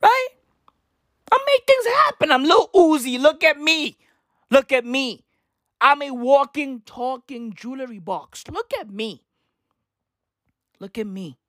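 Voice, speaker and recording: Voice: medium pitch, expressive, takes it slowly, long pauses, no room sound. Speaker doing arrogant male rapper bragging about himself, dry close sound. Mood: boastful. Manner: showy, self-admiring, repetitive.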